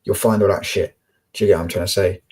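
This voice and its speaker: A man's voice: low voice, steady tone, fast talker, darkish tone. A young Englishman from Peterborough chatting casually as a podcast co-host, rambling, sweary and blunt. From Peterborough, England. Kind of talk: casual chat.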